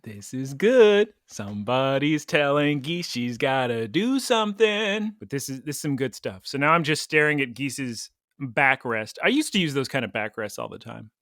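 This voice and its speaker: A man's voice: medium pitch, a little fast, sharp tone, dry recording, clean studio sound. A man co-hosting a podcast in casual chat, playful and teasing. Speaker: podcast co-host.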